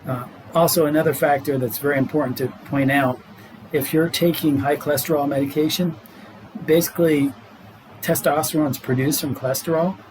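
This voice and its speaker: A man's voice: a little high, fairly even intonation, fairly quick, noisy background. Earnest middle-aged man explaining health. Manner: explanatory, earnest, laughs easily. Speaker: doctor guest. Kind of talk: casual podcast health talk.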